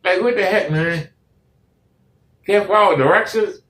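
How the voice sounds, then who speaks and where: A man hosting a reaction video, commenting in an exasperated, animated way and repeating himself. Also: high voice, a little slow, echoey room, distant mic. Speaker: reaction host.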